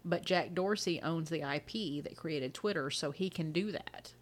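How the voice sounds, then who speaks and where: A woman's voice: sits low, moderate pace. A young adult woman co-hosting a podcast, rambling through a casual chat, laughing often and restarting her sentences. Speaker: podcast co-host.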